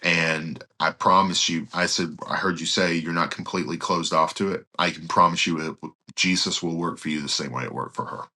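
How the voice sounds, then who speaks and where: Deep-voiced male pastor telling stories. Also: fairly quick, few pauses. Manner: animated anecdote-telling, acts out quoted dialogue. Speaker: pastor and evangelist guest. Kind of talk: storytelling in a podcast interview.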